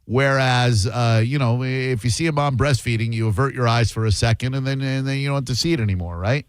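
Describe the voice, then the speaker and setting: A man's voice: mid-range voice, a little fast, clean tone, dry recording. A man hosting a radio talk show, chatting casually with sarcastic asides. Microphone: studio microphone.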